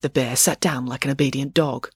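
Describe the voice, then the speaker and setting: Casting: woman narrator for a kids' audiobook, expressive, dry close studio sound. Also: a bass voice, a little fast, slightly rough, dry recording.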